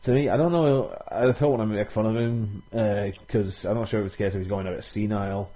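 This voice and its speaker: A man's voice: lowish voice, steady tone, brisk, warm tone, poor audio. A man co-hosting a casual wrestling podcast, hesitant and speculative, swearing casually. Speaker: podcast co-host.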